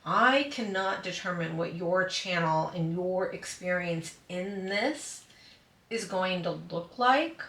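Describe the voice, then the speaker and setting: A woman's voice: slow pace, fairly bright tone, echoey room, far from the mic. A woman hosting a hobby channel, chatting casually to viewers and acting out what other people said. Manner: chatty, acts out quoted people in a higher voice. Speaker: diamond painting channel host. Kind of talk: casual chat to a live audience.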